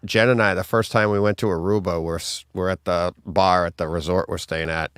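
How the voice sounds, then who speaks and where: A man's voice: low-pitched, fairly quick, clear, resonant tone, dry recording, clean studio sound. A man with a Boston accent co-hosting a home theater show, chatting casually and telling stories animatedly. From Boston area. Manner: animated storyteller, mimics voices with laughs. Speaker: podcast co-host. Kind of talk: casual chat.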